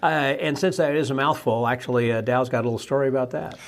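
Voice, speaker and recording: Man hosting a podcast. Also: mid-range voice. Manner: moderating, asks questions, quick laughs. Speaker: podcast host. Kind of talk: casual chat.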